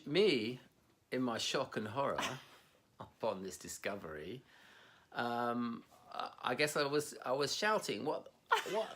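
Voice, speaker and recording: A man's voice: medium pitch, fairly bright tone. Male co-host, rambling and self-deprecating, laughs a lot, slight background noise. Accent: Scottish. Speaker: podcast co-host. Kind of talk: casual conversation.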